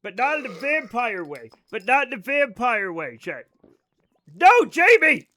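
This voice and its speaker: A man's voice: high-pitched, sing-song, normal speed, pushed and bright. A man livestreaming a game, chatting casually with his viewers in a rambling, self-interrupting way, swearing now and then. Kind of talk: casual live-stream commentary to chat.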